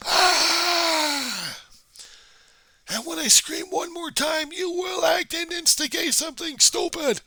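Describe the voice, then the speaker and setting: A man voicing a manic male hypnotist preacher who commands the masses in a booming, theatrically unhinged way, recorded on a webcam at home. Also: a little slow, bright, forceful tone, no room sound. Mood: shrieking frenzy.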